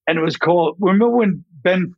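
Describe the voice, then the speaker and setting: A man with a fairly high speaking voice spins long, rambling comedy stories and slips into character voices as he tells them. The sound is dry and a little dull, like a close studio podcast mic. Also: fairly quick, no room sound. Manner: rambling, animated storyteller who acts out voices. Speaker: comedian guest. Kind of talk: casual interview storytelling.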